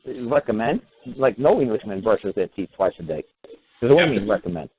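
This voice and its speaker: A male talk show host telling a long story in a casual way, acting out the other people's lines in animated quoted voices. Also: quick pace, phone-quality sound, slight background noise. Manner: animated, acts out quoted voices with rising pitch.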